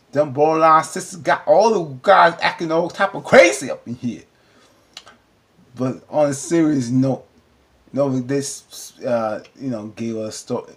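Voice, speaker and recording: A man recapping a TV episode in a casual, animated, rambling way, often cutting himself off, with features. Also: medium pitch. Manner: animated, rambling, self-interrupting. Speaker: TV recap vlogger. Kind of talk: casual chat.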